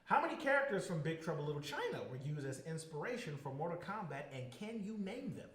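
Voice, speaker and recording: A man hosting a casual podcast trivia game, reading the questions out slowly and turning loud and playful between them. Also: on the high side, big pitch swings. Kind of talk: casual group podcast chat. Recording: echoey room.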